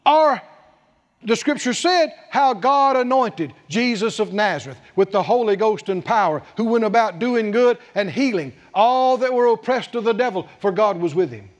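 A man with a very high-pitched voice preaches a sermon, his pitch rising and falling in wide swings. He talks emphatically and keeps asking rhetorical questions. His voice rings with a long reverb, as in a large hall. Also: animated, moderate pace. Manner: emphatic, with rhetorical questions and repeated scripture phrases.

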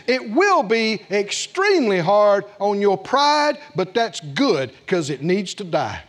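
A man preaching a sermon, calling on the congregation to answer back and swinging between loud bursts and quiet low lines. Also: sing-song, takes it slowly, hardly any pauses, long reverb tail, some chatter behind.

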